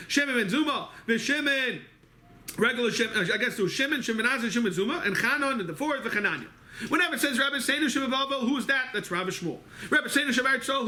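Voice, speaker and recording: Guy teaching a talmud class, super high bright voice, asks and answers himself, echoey study hall. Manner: rapid, quizzing himself with questions.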